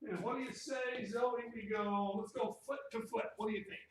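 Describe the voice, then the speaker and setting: A man's voice: high voice, fairly even intonation, moderate pace, a little hiss or hum. A male martial arts instructor leading a live workout class, counting reps aloud and cracking playful, corny puns in an echoey studio. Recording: echoey room.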